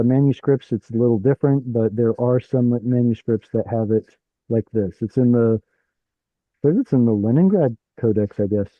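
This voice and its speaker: A man leads an online class over a video call, working through a text aloud and putting questions to his students. His voice sits at an ordinary pitch, and the call audio is dull and dry. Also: no room sound. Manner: explains while thinking aloud, asks the class questions. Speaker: Hebrew teacher. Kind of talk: live online class teaching.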